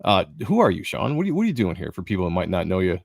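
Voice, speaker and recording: A man's voice: sits low, wildly swooping pitch, very fast, gravelly, no room sound. A man hosting a casual livestream panel, joking loosely as he welcomes each guest by name. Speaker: host.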